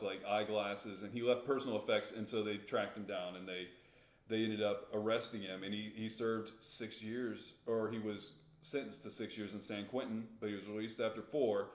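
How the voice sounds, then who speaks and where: A man's voice: lowish voice, reverberant. A man co-hosting a podcast, casually retelling a story with rambling restarts and chuckles. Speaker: podcast co-host.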